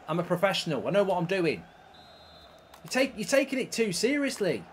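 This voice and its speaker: A man streaming a football video game, cursing the match as it unfolds and snapping back at viewer comments. His voice sits high and swings widely in pitch. Faint background noise runs underneath. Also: very animated, a little fast. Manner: ranting, swearing, exasperated at the game; reads and answers viewer chat. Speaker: gaming streamer.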